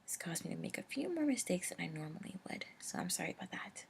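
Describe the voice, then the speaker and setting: A woman with a cold reading a fan fiction story aloud, her voice hoarse and raspy, casual and apologetic when she talks to listeners. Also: lowish voice, very animated, fast talker, in a whisper. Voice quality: raspy, gravelly. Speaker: story reader.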